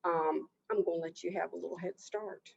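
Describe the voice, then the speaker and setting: A woman's voice: steady tone, brisk, gravelly, breathy edge. A woman voicing a proud, crafty male turtle who is indignant and scheming, in an oral folk tale, on a dull lo-fi recording. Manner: indignant then sly, shifting between high exclamations and muttered asides.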